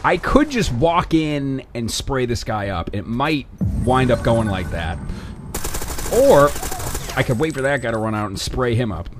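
A young man giving casual, sarcastic commentary over his own shooter gameplay, swearing and breaking into excited outbursts. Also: mid-range voice, measured pace, slight background noise.

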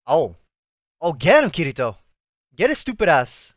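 Excitable young man reacting, lively pitch. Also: normal speed, long pauses, dry recording. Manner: excitable, slangy, talks to the screen. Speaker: anime reaction channel host. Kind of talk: live reaction commentary.

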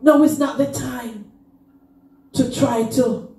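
A woman's voice: sits high, fairly even intonation, slow pace, warm tone. A woman pastor preaching a fervent sermon, chanting and crying out in rising sung phrases. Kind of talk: Pentecostal sermon. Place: church. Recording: roomy church sound from far off.

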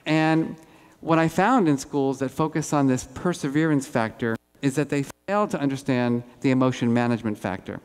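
A man giving an interactive keynote talk to an audience, animated and playful. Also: mid-range voice, normal speed, hardly any pauses, smooth. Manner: animated, role-plays an upset teen with the audience. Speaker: keynote speaker. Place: large hall with audience. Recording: reverberant auditorium.

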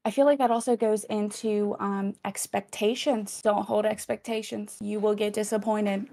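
Her voice is mid-range, creaky, and mellow, with fairly even intonation at a normal speed. As host of a spiritual channel, she reads viewer comments in a relaxed, filler-heavy chat, acting out small quoted exchanges and offering encouragement and affirmation.

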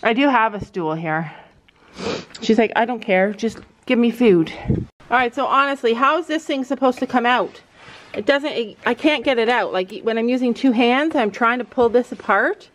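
A mom vlogger with a fairly bright, somewhat high voice chats at a moderate pace outdoors at a horse barn. She laughs often and coos baby talk to the animals, filmed on a handheld camera in a casual vlog.

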